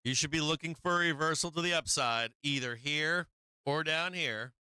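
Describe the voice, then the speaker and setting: A man's voice: fairly high pitch, normal speed, pushed and bright, clean tone, dry recording. A man hosting a live stock market stream, coaching and taunting viewers in brash, profane, rambling commentary full of "right?". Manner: brash, profane, repeats "right?" and restarts often; talks directly to viewers, coaching and taunting them. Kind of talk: casual live trading commentary.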